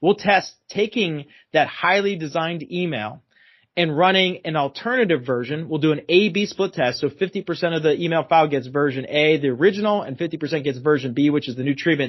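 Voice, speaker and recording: A man's voice: a little high, moderate pace. A man as a guest expert on a podcast interview, explaining at length and emphatically repeating his key phrases. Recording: dull lo-fi sound.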